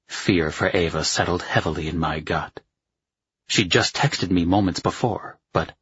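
A man narrating a novel in the first person, measured and unhurried, lifting his voice for other characters. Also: steady tone, a bit bright, no echo, muffled recording. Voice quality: very husky, low. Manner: measured, slow, acts dialogue with raised pitch. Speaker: audiobook narrator.

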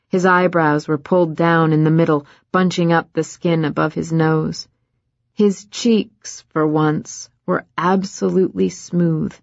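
A woman reading a novel aloud in measured scripted narration, on dry, slightly muffled audio. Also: lowish voice, no echo.

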